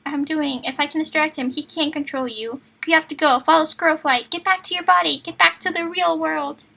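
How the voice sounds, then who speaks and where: A woman's voice: high voice, fairly even intonation, brisk, creaky, bright, forceful tone, pitched above the performer's own voice, heavily acted. A woman voicing a determined young male warrior cat, pleading urgently.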